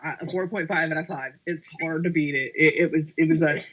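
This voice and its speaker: Podcast panelist, male, excitable and rambling; bright, high tone, dull lo-fi sound. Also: a little fast. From half Scottish. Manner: excitable, rambling with many restarts. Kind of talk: casual podcast chat.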